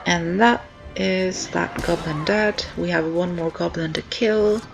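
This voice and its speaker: A young gamer rambles through casual gameplay commentary, circling back on points and filling gaps with ums. The voice is gravelly with steady fry and sounds short of breath and sore in the throat. Game music plays clearly behind. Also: medium pitch, takes it slowly, poor audio. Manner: rambling, chatty, repeats itself with many ums. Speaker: let's-play commentator. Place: indoors at home, rain on the windows.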